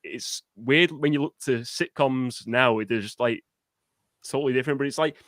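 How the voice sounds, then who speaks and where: A man's voice: mid-range voice, moderate pace, a bit bright, no room sound, clean studio sound. A man as a guest on a live movie chat, talking casually with many restarts and fillers. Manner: hesitant, lots of fillers and restarts. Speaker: guest podcaster.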